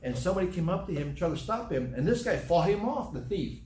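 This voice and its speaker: A man's voice: fairly high pitch, sing-song, brisk, darkish tone, roomy sound, slight background noise, low-quality recording. A man preaching a sermon as pastor, talking conversationally and teasing his congregation with questions.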